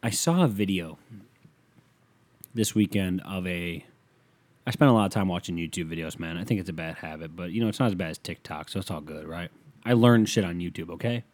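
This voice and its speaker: A man's voice: sits low, a little fast, darkish tone, no room sound. A young man hosting a solo podcast, rambling through stories in a laid-back, profane way. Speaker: podcast host. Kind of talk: casual solo chat.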